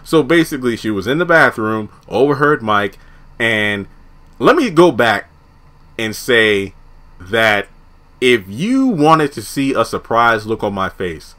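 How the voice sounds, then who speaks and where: A young man casually recapping a TV episode, animated, laughing often and acting out the characters' lines. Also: mid-range voice, unhurried. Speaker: TV episode reviewer.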